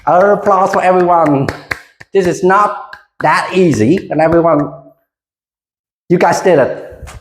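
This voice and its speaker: An English teacher giving a classroom micro lesson, speaking slowly and deliberately with frequent hesitations and leading the class in repetition. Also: mid-range voice, a little hiss or hum. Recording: roomy echo.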